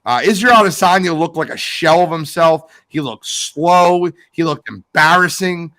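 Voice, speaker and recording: A man's voice: a little high, lively intonation, moderate pace, pushed and bright. A man co-hosting a sports podcast, ranting in an exasperated, emphatic way. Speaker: podcast co-host. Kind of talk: heated sports podcast talk.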